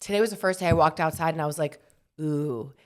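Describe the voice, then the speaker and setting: A young woman with a slightly low voice chatting on her podcast. She sounds a little short of breath from pregnancy and keeps a teasing, laughing tone. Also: steady tone, rapid-fire, a little mellow. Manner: playful, teasing, laughs often. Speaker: podcast co-host. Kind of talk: casual chat.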